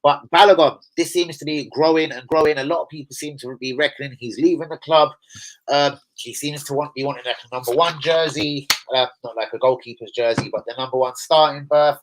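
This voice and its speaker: A man's voice: fairly high pitch, steady tone, a little fast, a little hiss or hum, poor audio. Young man, streamer host, loose, sweary, chatty, laughs a lot. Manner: swearing, chatty, laughs often, answers chat. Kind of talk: casual live stream chat.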